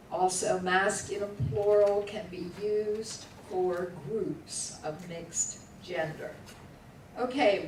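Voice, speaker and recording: A woman's voice: mid-range voice, warm tone. A woman teaching a class, patiently drilling words aloud and asking students to repeat them syllable by syllable. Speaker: Hebrew teacher. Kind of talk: classroom lesson. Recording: echoey room, voice from far off, faint background hum.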